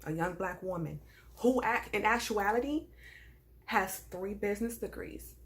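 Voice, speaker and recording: A young woman from the American South with a Southern accent, telling a personal story in a casual, animated and indignant way. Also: medium pitch. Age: young adult. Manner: animated, indignant, swings between hushed asides and raised outbursts.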